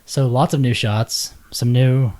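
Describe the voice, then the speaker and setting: A man's voice: medium pitch, fairly even intonation, unhurried, warm tone. A man co-hosting a podcast, chatting casually in a laid-back, rambling way and laughing often. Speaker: podcast co-host. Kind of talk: casual chat.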